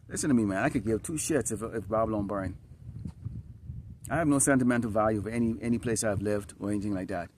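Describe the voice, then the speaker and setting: A street preacher with a low, slightly mellow voice delivers an outdoor sermon with scripture reading, with faint background noise. It's dusty and a bit windy. He speaks emphatically, repeats himself, and often checks on his listeners with "Huh?" and "All right?".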